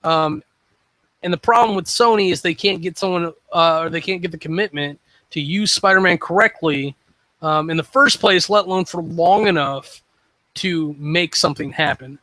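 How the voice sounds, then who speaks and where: A man's voice: a little high, normal speed, bright, forceful tone, dry recording, low-quality recording. A man hosting a casual solo podcast, rambling through his opinions on shows with many ums and restarts. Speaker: web show host.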